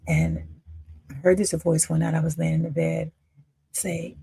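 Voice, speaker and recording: Gravelly husky woman in her fifties. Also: low-pitched, fairly even intonation, unhurried. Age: 50s. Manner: emotional, emphatic, swinging between loud declarations and near-whispers. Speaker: independent filmmaker. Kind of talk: personal storytelling monologue.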